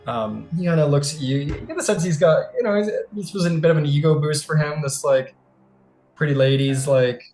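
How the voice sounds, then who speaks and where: A man's voice: on the high side, a little fast, a little mellow, roomy sound, faint music behind. A man narrating as game master in a casual, hesitant way, full of fillers and restarts. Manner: loose, hesitant, many fillers.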